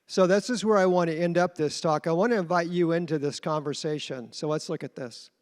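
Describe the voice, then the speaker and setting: A man's voice: a little high, a little fast, a little mellow. A man giving an earnest conference talk about leading a church group, telling his story plainly. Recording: reverberant hall.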